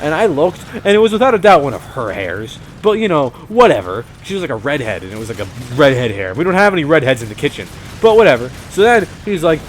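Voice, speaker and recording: A young man doing casual let's-play commentary, rambling from topic to topic and swearing freely as he tells stories. His voice is slightly high for a man and very lively in pitch, with faint noise underneath. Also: fast, few pauses. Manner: rambling, profane, animated storytelling. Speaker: game commentator.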